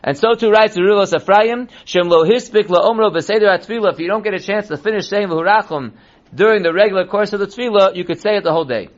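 A man teaching a text-based class as a rabbi, reading passages slowly and then explaining them in a plain tone. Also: high voice. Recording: dull lo-fi recording.

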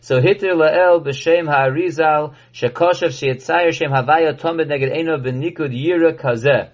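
A man's voice: on the high side, moderate pace. Man teaching a halacha class, lo-fi. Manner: reads Hebrew text then explains in English. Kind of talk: recorded Torah class. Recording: dull lo-fi recording.

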